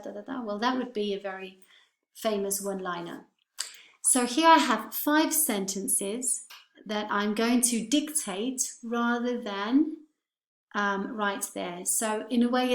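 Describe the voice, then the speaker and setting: A woman teaching English pronunciation, careful and clear, repeating words for her students. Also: medium pitch. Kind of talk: online lesson. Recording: roomy echo.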